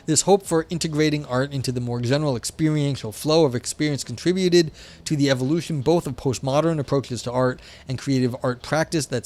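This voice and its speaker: A man's voice: medium pitch, darkish tone. A man hosting a livestream, chatting casually with viewers and reading a philosophy text aloud, with lots of fillers. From United States, south of the New England area. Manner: chatty, responds to chat, many fillers. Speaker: livestream host.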